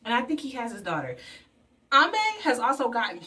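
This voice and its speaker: A bubbly, animated woman recaps a film in a casual vlog while doing face paint, her voice sitting a bit high. She slips into playful voices for the characters. She sounds a little distant from the mic. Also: brisk. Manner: animated, chatty, acts out characters in funny voices. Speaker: beauty and movie review vlogger.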